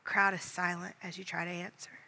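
A woman leading a guided Christian prayer meditation in a gentle, calm voice, speaking directly to the listener as "you". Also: on the low side, a little fast, creaky, long reverb tail. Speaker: prayer leader.

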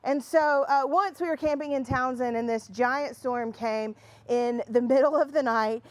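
A woman's voice: high voice, moderate pace, no echo. A woman in her thirties giving a conversational sermon, telling stories with plenty of fillers and restarts and some self-deprecating humor. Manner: chatty storytelling with many fillers and restarts. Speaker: pastor.

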